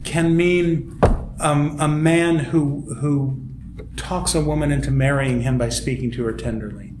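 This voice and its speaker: This man's voice runs on the high side and a little slow as he teaches a Bible study class in a church room. In an echoey recording full of background noise and group chatter, he keeps the discussion casual, staying animated, acting out quotes, and laughing often.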